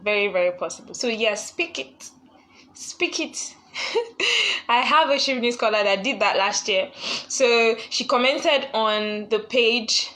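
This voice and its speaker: A woman's voice: a little high, moderate pace, fairly bright tone. Chatty, laughing woman host on a live stream. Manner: chatty, laughs often, upbeat. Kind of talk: casual live-stream chat greeting viewers.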